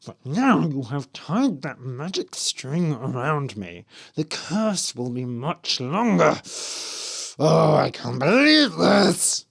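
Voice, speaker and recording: A storyteller voicing a cursed pig husband in a fairy tale, speaking slowly and angrily. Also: medium pitch, big pitch swings, creaky, husky, exaggerated voice. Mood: dismayed.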